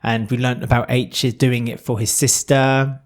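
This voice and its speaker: Casting: male podcast co-host, chatty and rambling, mid pitch. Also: flat delivery, normal speed. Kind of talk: casual chat.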